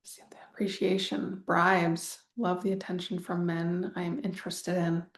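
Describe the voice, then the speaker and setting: A woman's voice: lowish voice, monotone, measured pace, echoey room. A woman coaching a group through a live wealth masterclass, talking casually and rambling, with sighs and the odd swear word. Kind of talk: live online coaching session.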